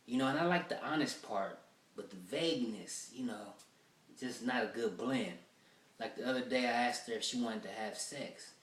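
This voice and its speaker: A man's voice: mid-range voice, normal speed, fairly bright tone, reverberant, recorded from a distance. Profane man rambling through a stand-up bit. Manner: profane, rambling storytelling with many fillers. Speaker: stand-up comedian. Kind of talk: rough-draft stand-up routine.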